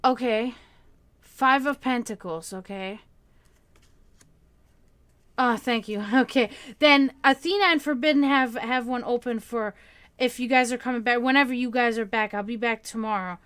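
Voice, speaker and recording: A woman's voice: a little high, normal speed, fairly bright tone, smooth. Woman doing a casual tarot reading. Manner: soothing baby talk to her cat, then plain card reading. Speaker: tarot reader and stream host.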